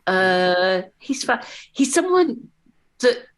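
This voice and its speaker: A woman talks as a podcast guest in a mid-range voice. She tells animated anecdotes with plenty of fillers and restarts, keeping the tone loose and conversational. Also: medium pitch, takes it slowly. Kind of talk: conversational interview storytelling.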